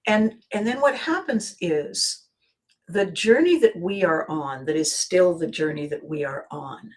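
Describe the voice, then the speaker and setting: A woman's voice: lowish voice, lively intonation, unhurried. A woman hosting a live motivational video. She talks earnestly, often repeats a word as she restarts a sentence, and greets viewers by name.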